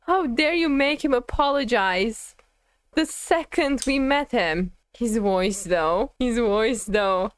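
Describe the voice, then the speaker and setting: A woman's voice: a little high, slow, clear, resonant tone. Giggly, flustered young woman streamer. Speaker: streamer reacting to a game. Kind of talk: casual gameplay reaction commentary.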